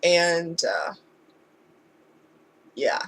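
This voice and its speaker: A woman's voice: on the low side, expressive, very slow, gravelly. A woman talking candidly in a casual storytime vlog, conversational and heartfelt. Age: adult. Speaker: vlogger.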